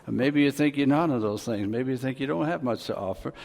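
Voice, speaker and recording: A man's voice: medium pitch, a little fast, gravelly, darkish tone. Folksy male pastor in a reverberant hall. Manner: folksy, jokes with the congregation; rises and swells for emphasis. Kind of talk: sermon. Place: church hall.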